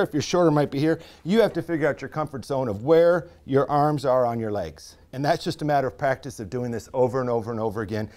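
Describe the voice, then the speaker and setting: A man's voice: medium pitch, a little mellow. Folksy man teaching pottery. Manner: folksy step-by-step instruction with homespun comparisons. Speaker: pottery professor. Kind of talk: live teaching demonstration.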